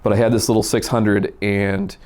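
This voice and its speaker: A man from Minnesota telling a personal story in a casual, animated way, acting out the dialogue. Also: fairly low pitch, moderate pace. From Minnesota, USA. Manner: animated, acts out quoted dialogue. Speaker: storyteller guest.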